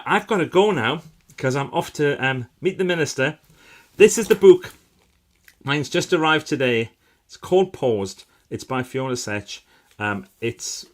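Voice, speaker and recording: A man hosting a casual live stream, chatting upbeat with viewers and breaking into bursts of enthusiasm. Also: mid-range voice.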